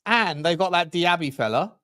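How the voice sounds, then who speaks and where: A man co-hosting a football podcast, talking excitedly in casual slangy chat, rambling and cutting himself off mid-sentence. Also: fairly high pitch, normal speed, clean tone. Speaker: podcast co-host.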